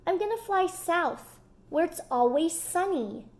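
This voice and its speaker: A woman voicing a gentle butterfly friend. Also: extremely high pitch, animated, measured pace, voice pushed up. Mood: tender.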